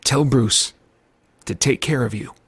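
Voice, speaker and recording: Man doing a calm, caring comic dad, read plainly and earnestly in a dry room. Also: mid-range voice, a little slow, husky, no room sound. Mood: tender. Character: loving father calling his son, calm and steady.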